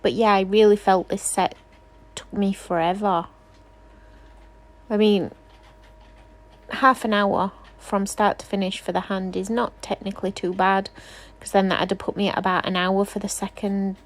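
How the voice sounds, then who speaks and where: A woman's voice: medium pitch, flat delivery, measured pace. A woman nail technician doing a casual, rambling tutorial voice-over, chatty and self-deprecating, often apologizing.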